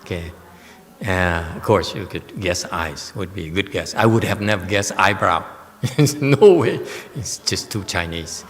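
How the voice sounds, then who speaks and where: A man's voice: low-pitched, animated, measured pace, a bit bright, in a large hall. A man teaching Buddhism in a Dharma lecture, often teasing and chuckling with his listeners. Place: temple hall.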